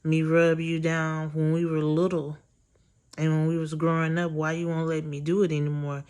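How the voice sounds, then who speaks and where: A woman quoting a pushy, coaxing adult man in a storytime vlog, speaking a little lower and quicker than her own voice. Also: completely flat delivery, a little mellow, clean tone, close to an everyday voice.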